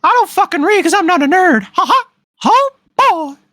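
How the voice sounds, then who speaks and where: A man voicing a crude, brash male cartoon mouse in a squeaky falsetto, swearing and cackling. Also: big pitch swings, normal speed, sharp tone, dry recording, clean studio sound, full character voice. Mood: mocking.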